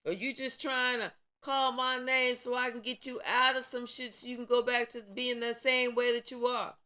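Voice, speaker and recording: A woman voicing God as a stern male deity who confronts the listener with rapid, repeated questions. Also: on the high side, little pitch movement, bright, forceful tone. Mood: demanding.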